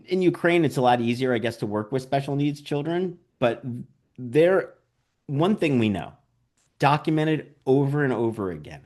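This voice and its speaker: A man's voice: mid-range voice, moderate pace. A man, a documentary director, talks through his filmmaking experiences in an interview. He tells stories with energy, acts out the voices of the people he met, and fills his speech with "like" and "you know". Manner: animated storyteller, acts out quotes; frequent "like" and "you know" fillers. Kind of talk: interview conversation.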